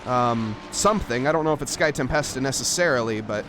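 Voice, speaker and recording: A man's voice: medium pitch, animated, a little fast, music in the background. An American man doing casual live sim racing commentary, joking and playfully mangling car names.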